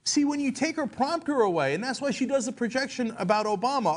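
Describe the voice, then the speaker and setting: Sarcastic high-voiced male commentary host. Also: big pitch swings, fairly quick, hardly any pauses. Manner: sarcastic, mocking, laughs at his own jokes. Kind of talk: satirical political commentary.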